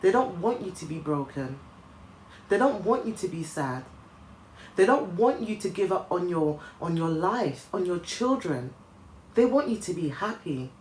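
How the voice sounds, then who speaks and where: A woman's voice: fairly low pitch, very animated, a little slow, a little mellow. A woman vlogger giving an earnest motivational talk to her viewers, often restarting her sentences with ums. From Nigeria. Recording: echoey room, faint ambient noise.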